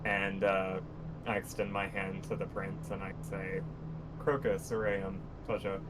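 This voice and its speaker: A man's voice: low voice, completely flat delivery, a little slow, noisy background. A man playing a tabletop game, describing his character in a hesitant way with many fillers. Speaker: player.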